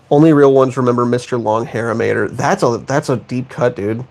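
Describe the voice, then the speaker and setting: A man's voice: medium pitch, moderate pace, gravelly, a little mellow. A young man chatting casually on a stream, joking and self-mocking as he rambles on. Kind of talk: casual live-stream chat.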